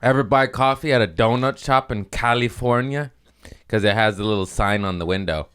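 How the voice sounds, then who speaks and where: A man's voice: medium pitch, moderate pace, clear, resonant tone. A man who hosts a comedy podcast alone, rambling, profane, laughing often and wired on caffeine. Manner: excitable, profane, laughs often, jumps topics. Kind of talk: casual rambling solo monologue. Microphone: studio microphone.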